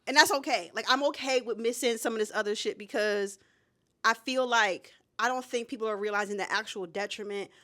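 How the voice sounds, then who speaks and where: A woman's voice: a little high, fairly quick, a bit bright. A woman co-hosting a podcast in heated casual chat, passionate and profane, lecturing listeners. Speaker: podcast co-host.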